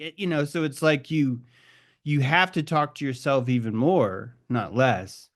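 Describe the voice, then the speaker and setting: A man's voice: medium pitch, normal speed. Rambling, musing man leading talk. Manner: rambling, musing, swears casually, restarts often. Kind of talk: reflective group discussion.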